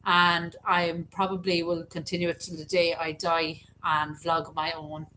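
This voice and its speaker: Irish woman on a live stream, lowish voice, chatty and keen, bit of faint noise behind. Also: monotone, a little slow, pushed and bright, poor audio. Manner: chatty, enthusiastic storytelling. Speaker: co-host of a cemetery channel live chat. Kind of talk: casual live-stream chat.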